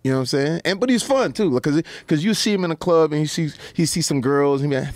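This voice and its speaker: Animated man telling stories. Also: fairly high pitch, quick pace, hardly any pauses, no room sound. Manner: animated, anecdotal, frequent voice switches. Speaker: podcast guest. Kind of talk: storytelling podcast chat.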